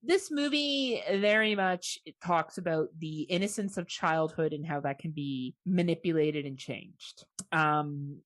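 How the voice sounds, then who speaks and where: Low-voiced woman with dry humor. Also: measured pace, hardly any pauses, dry recording. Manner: dry, joking asides. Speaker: podcast co-host. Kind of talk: casual podcast chat.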